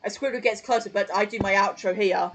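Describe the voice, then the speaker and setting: A male streamer chatting at home into a desk mic, giving casual commentary on his old videos. He rambles along, piling up fillers and restarts, with a fairly high voice for a man. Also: fairly even intonation, fairly quick, background noise. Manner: rambling, lots of fillers and self-corrections. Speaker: channel host.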